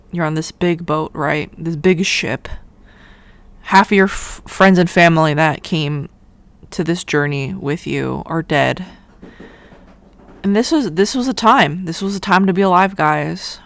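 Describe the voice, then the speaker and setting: A woman's voice: lowish voice, fairly bright tone, no room sound. A woman hosting her own podcast, talking casually in a rambling, irreverent way and swearing freely. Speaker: podcast host. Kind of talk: casual solo podcast monologue.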